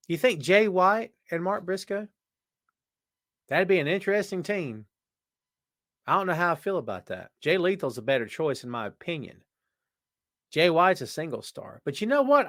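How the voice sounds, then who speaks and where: A man hosting a live wrestling podcast, chatting casually and reading out viewer comments in an animated way. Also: sits high, normal speed, long pauses, no echo, studio quality. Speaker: podcast host. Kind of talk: live-chat wrestling talk.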